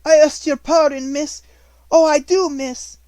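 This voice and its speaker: A man voicing a timid young scullery maid who stammers breathless apologies in a high, pleading voice. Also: steady tone, a little slow, dark tone, no room sound. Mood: frightened.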